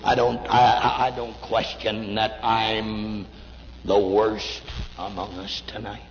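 A man preaching a sermon, telling a story dramatically and swinging from hushed tones to shouts. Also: lowish voice, flat delivery, slow pace, a little hiss or hum. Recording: dull echoey hall recording.

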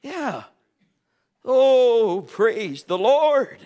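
High, lively-voiced preacher, unhurried. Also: male voice. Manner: impassioned, swelling and dropping to near-whispers. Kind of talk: sermon.

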